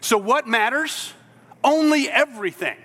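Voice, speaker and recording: This is a preacher with a high voice, telling Bible stories with lively energy and acting out the people in them. His tone is bright and forceful. The sound carries a long reverb from a large hall. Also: unhurried. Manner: animated storytelling, acts out voices in quotes. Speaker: pastor. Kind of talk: sermon.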